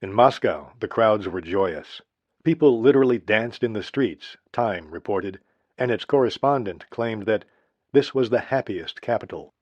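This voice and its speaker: Low-voiced man reading history narration. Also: lively intonation, measured pace, a little mellow, no echo. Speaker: audiobook narrator. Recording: dry, slightly dull lo-fi recording.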